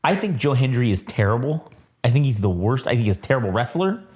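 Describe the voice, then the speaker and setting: A man's voice: mid-range voice, big pitch swings, fast talker, darkish tone. A man co-hosting a wrestling review podcast, with a voice that swoops up and down as he rants. He swears constantly and talks emphatically in casual chat. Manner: profane, ranting, emphatic. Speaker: podcast co-host.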